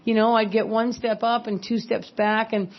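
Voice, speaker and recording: A woman's voice: fairly high pitch, flat delivery, normal speed. A woman from California giving a personal recovery talk, earnest and candid with wry asides. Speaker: speaker at a recovery meeting. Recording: slightly dull lo-fi recording.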